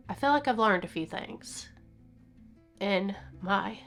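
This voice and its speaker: A woman in her fifties speaks to her camera in a personal vlog, her voice teary and sniffly as she laughs and cries at once. She keeps slipping into soft whispers and then brightening again, with faint music in the background. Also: mid-range voice, lively intonation, slow pace, pauses often. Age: 50s. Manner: tearful, laughing and crying at once, breaking into whispers. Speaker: vlogger.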